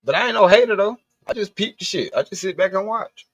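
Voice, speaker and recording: A man's voice: high-pitched, animated, fast, a bit bright, husky, no room sound. A man from the Southern US giving a profane, blunt, rambling rant on a livestream. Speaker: livestream host. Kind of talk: casual ranting monologue.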